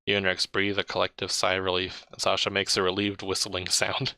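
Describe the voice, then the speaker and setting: Male reader, casual interactive-story narration, bright tone, dry close sound. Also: low-pitched, monotone, fairly quick, vocal fry, smooth, dry recording. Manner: chatty, comments on his own slips and laughs mid-read. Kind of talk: casual read-aloud narration.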